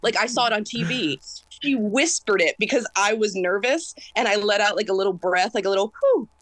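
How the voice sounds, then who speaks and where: Thirties woman chatting quick and kinda loud, intense energy, dry close sound. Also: medium pitch, no room sound. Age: 30s. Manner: fast, intense, animated talker. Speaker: singer-songwriter guest. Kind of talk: casual interview chat.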